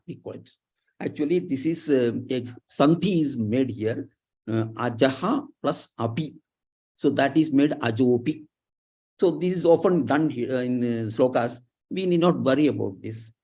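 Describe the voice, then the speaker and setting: A man teaching Sanskrit pronunciation, drawing syllables out slowly with many pauses and fillers. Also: medium pitch, darkish tone. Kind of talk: explaining slowly, letter by letter.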